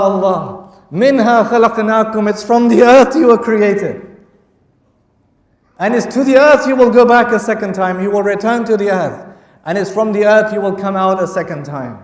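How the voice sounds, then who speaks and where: A man gives a historical storytelling lecture, weaving Arabic quotes into English and repeating phrases for emphasis. His voice is high. It is picked up from a distance, with a long reverb filling a large hall. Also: moderate pace. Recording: echoey hall from far off.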